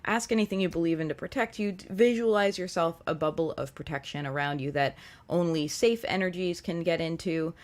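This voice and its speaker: A woman hosting a casual live-stream tarot reading, earnest and reflective as she gently advises her viewers. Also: fairly low pitch, fairly quick. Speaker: tarot reader and show host.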